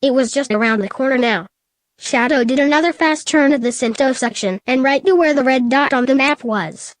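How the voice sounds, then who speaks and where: A woman narrates a fan story in a flat, matter-of-fact reading. Her voice sits a little high, and the recording is dry and close. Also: brisk, no echo.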